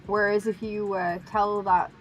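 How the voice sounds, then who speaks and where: A woman's voice: mid-range voice, little pitch movement, unhurried, dull audio, faint music behind. A woman from Ireland chatting on a stream, teasing in a dry, matter-of-fact way. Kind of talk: casual stream chat.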